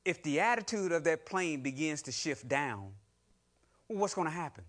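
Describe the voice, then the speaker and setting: A middle-aged man delivers a sermon in a bright, slightly high voice. He questions the congregation, acts out grumbling people, and builds to loud, fervent exhortation. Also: lively intonation, normal speed. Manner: call-and-response preaching, rising to loud exhortation. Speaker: lay preacher.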